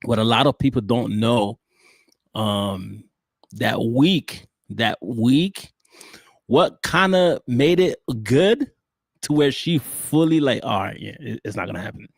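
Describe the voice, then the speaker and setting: Man, podcast co-host, relaxed storyteller, mid pitch, dry close sound. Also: slow, gravelly, husky, dry recording. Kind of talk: casual chat.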